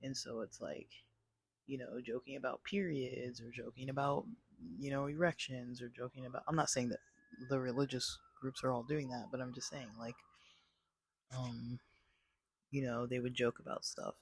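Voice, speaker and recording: A man's voice: medium pitch, level tone, moderate pace, breathy edge, no echo. A man casually reviewing a movie, rambling with many fillers and restarts. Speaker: channel host.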